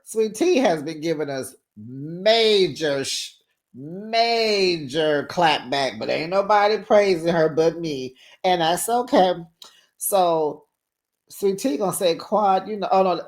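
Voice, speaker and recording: Sassy, gossipy woman recapping reality TV. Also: on the low side. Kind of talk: casual chatty recap commentary.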